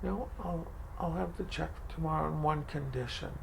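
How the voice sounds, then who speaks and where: Older man, interview storyteller, gravelly, acts out conversations, slight background hiss. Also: fairly high pitch, moderate pace. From Franco-American, from Maine. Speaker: food pantry director. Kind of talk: oral history interview.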